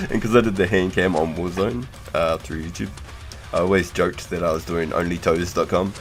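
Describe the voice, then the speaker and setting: A young man with a New Zealand accent talks to his live-stream viewers in a deep, low voice. He is laid-back and slangy and swears freely. Faint music plays quietly behind him. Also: fairly quick. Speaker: game streamer. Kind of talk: casual live-stream chat.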